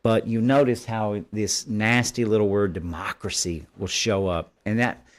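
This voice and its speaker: A man's voice: fairly low pitch, steady tone, a little slow. A man, hosting a live political commentary stream. He reads articles aloud and keeps stopping to pick them apart in a combative, dismissive tone. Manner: combative, dismissive, stops to editorialize. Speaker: host.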